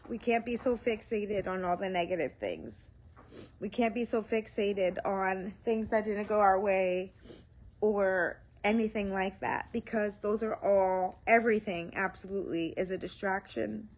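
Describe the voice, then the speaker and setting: A woman speaking live to her viewers from home, slow and earnest, audibly emotional and near tears as she shares a personal faith experience. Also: medium pitch. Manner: slow, tearful, heartfelt and earnest. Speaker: faith livestream host. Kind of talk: emotional live-stream testimony. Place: home, indoors.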